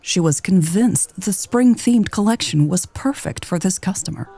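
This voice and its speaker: Woman reading a romance story, calm, low gravelly voice, dark tone. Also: moderate pace, hardly any pauses. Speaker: narrator. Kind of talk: scripted audiobook narration.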